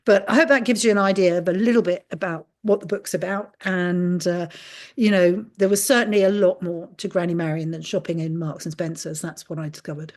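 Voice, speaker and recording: A woman talks through her book over a video call, a little low in pitch. She sounds earnest and animated, her voice lifting when something baffles or surprises her. Her speech is loose and natural, with plenty of "uh" and "you know.". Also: brisk. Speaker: author and journalist guest.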